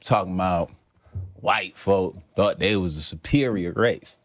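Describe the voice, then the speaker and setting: A man's voice: sits low, a little slow, no room sound, clean studio sound. A young man with a New York accent, a comedian guest on a podcast who speaks in an emphatic, profane way. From New York City. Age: young adult. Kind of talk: casual podcast chat.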